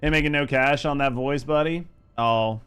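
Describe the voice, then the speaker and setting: A young man hosting a game stream, his voice smooth and clear at an ordinary pitch. He swears freely and jokes crudely with his viewers in relaxed, rambling chat. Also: normal speed, soft background music. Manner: loose, profane, joking banter with chat. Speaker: streamer and gaming host. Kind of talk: casual live-stream chat.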